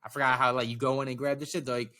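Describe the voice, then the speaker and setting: A man co-hosting a podcast at a medium pitch, telling stories in loose, profane chat. He is animated and acts out the people in his stories as he goes. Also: very fast. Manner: animated storytelling, acts out quoted voices. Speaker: podcast co-host. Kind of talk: casual chat.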